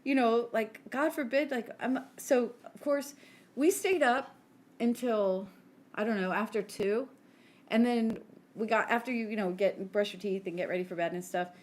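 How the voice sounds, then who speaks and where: A woman's voice: medium pitch, moderate pace, a little mellow. Chatty woman telling family stories. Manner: chatty storyteller, acts out quotes, lots of "like". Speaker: podcast co-host. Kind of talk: casual chat.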